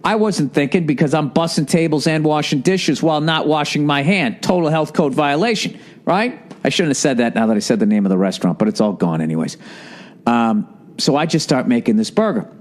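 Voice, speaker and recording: A man's voice: fairly high pitch, brisk. Profane, rambling male comedian storyteller. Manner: profane and rambling, with many asides. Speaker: podcast host.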